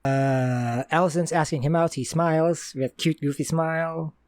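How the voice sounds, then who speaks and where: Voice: mid-range voice, steady tone, moderate pace, darkish tone, no echo, studio quality. A host recapping a horror film as it plays, with sarcastic asides. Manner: narrates the scenes on screen with sarcastic asides. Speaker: movie reaction host. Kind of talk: casual movie reaction commentary.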